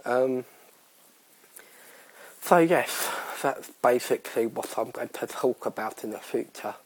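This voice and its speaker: A man's voice: medium pitch, little pitch movement, moderate pace, breathy edge, poor audio. A young man hosting his own podcast in casual, rambling, self-mocking chat full of fillers. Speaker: podcast host.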